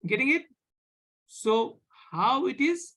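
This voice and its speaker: Indian-accented teacher, online language class, lively up-and-down pitch, slightly breathy. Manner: slow, repeats words, asks "right?" often. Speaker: French teacher.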